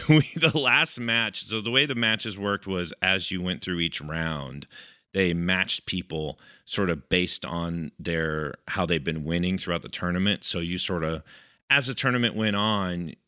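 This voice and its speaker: A man's voice: low voice, a little slow, bright, forceful tone, clear, resonant tone, dry recording, studio quality. A man co-hosting a casual podcast, rambling with lots of fillers and easy laughs. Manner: rambling, filler-heavy, chuckling. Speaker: podcast co-host.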